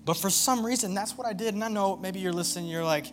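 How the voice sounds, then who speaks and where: A young man preaching and telling a personal story in an earnest, confessional way, often halting and restarting. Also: high-pitched. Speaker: worship pastor.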